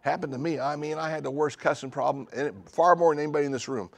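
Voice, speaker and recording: A fast-talking middle-aged pastor with a creaky voice and fairly even intonation preaches a charismatic sermon in a church sanctuary, with no echo. He alternates hushed asides and rising, loud declarations, adding funny jabs.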